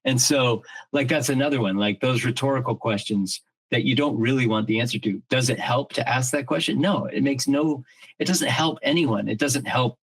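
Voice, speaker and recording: A man's voice: medium pitch, normal speed, breathy edge, poor audio. A middle-aged man co-hosting a podcast in casual chat, earnest and reflective, thinking aloud with many restarts and the odd casual swear word. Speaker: podcast co-host.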